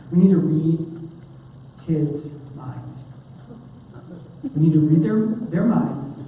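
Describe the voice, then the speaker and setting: A woman giving an animated conference training talk to children's ministry volunteers, chatty and full of fillers. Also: low-pitched, slight background noise. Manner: chatty, animated, many fillers, acts out quotes. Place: large church hall. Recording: echoey hall from far off.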